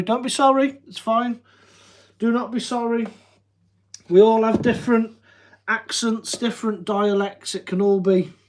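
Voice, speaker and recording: A man's voice: high-pitched, darkish tone. A man with a Midlands accent from around Telford, with a slight Welsh tinge, chatting casually on a livestream and answering viewer comments in an easygoing, jokey way. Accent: Midlands English, Telford, with a slight Welsh tinge. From Telford, English Midlands. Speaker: livestream host.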